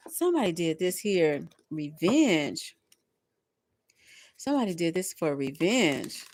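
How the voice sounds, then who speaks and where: A woman doing a live tarot reading, talking in slangy, animated bursts with lots of laughter. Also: lowish voice, moderate pace. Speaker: tarot reader.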